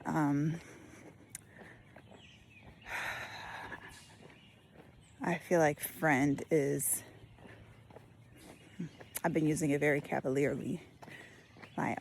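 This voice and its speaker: A woman's voice: deep voice, lively intonation, slow, long pauses, a little mellow, a little hiss or hum. A woman, out of breath while walking outdoors, musing aloud in a casual spoken reflection with many fillers. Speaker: vlogger. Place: outdoors on a walk.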